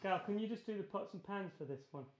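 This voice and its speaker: A man's voice: high-pitched, quick pace, muffled recording, very noisy. A man hosting a music livestream, chatting casually and poking fun at himself between numbers. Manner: relaxed, chatty, self-deprecating asides. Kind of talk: casual chat between songs. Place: home room at a piano. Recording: music clearly heard behind. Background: music playing.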